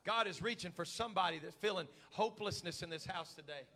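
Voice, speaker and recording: A male pastor, preaching a fervent sermon to his church and swinging between loud shouted calls and quiet, close prayer. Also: sits high, quick pace. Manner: preaching with rising shouted fervor. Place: church sanctuary.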